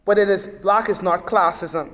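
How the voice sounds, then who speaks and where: High-voiced young man declaiming poetry. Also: moderate pace, fairly bright tone. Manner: proud, declamatory delivery. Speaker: student poet. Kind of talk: spoken-word poetry reading. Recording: long reverb in a large room.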